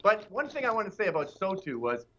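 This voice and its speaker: A man's voice: high-pitched, big pitch swings, fast talker, pushed and bright, muffled recording. A man guest on a political talk show, brash and mocking, sometimes putting on silly voices.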